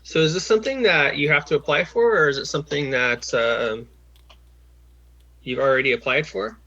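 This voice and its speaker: A man's voice: on the high side, normal speed, creaky, sharp tone. A man working as a job coach, talking someone through a phone call in a patient, encouraging way with lots of fillers and restarts, over a video call.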